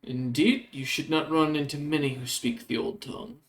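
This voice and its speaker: A man voicing an ancient, otherworldly male shopkeeper who speaks slowly and formally in a tabletop game. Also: on the high side, fairly even intonation, gravelly, low-quality recording. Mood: calm. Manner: slow, formal, courteous.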